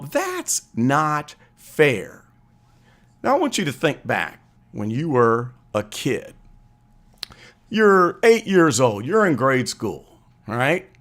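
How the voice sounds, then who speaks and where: Animated man hosting political commentary. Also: on the high side. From Chicago. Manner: earnest, storytelling with acted-out quotes. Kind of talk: live stream commentary.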